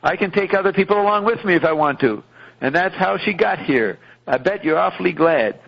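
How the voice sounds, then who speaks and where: A man's voice: medium pitch, a little fast, creaky, lo-fi sound. A man voicing a smug, self-proud male magical hero who speaks grandly and folksily.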